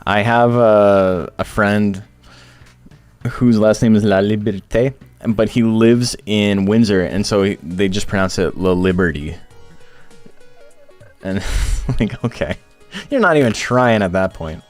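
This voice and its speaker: A man's voice: fairly low pitch, takes it slowly, long pauses, a little mellow. A young man streaming a game, chatting casually in loose, profane, joking rants. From Ontario, Canada. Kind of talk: casual chat while gaming. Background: faint game music.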